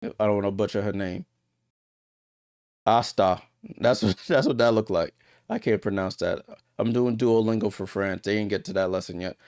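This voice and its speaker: A man's voice: on the low side, normal speed, pauses often, no room sound, studio quality. A man hosting a live watchalong stream, chatting with viewers and calling plays as they happen. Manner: chatty, talks straight to viewers, gets louder on big plays. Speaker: livestream watchalong host. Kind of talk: casual live game commentary.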